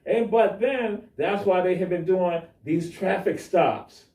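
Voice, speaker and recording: High-voiced man telling a story animatedly. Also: slow, warm tone. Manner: dramatic retelling, acting out dialogue. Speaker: guest. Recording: echoey room, mic at a distance.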